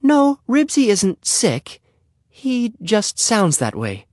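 A man voicing a brisk mother in a storybook reading, pitched high and calling out. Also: huge pitch swings, darkish tone, no echo, clean studio sound, exaggerated voice. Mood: reassuring.

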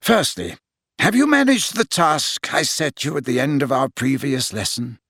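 A man voicing an elderly male headmaster who speaks in a measured, gently exasperated way. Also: a little high, big pitch swings, no room sound, clean studio sound, exaggerated voice. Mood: patient.

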